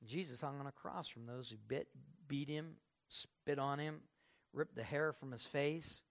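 A man preaching a sermon in an emphatic way, building to loud bursts and acting out the people he quotes. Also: medium pitch, measured pace.

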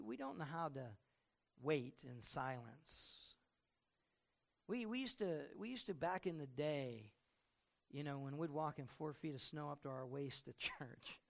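A middle-aged man preaching a sermon as pastor, telling stories with loud outbursts and quiet reflective stretches. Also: on the high side, creaky.

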